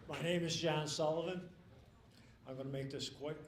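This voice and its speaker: A man, a past grand marshal, giving a brief, brisk and joking speech into a handheld microphone. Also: fairly high pitch, fairly even intonation. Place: reception hall. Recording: echoey hall, heavy noise.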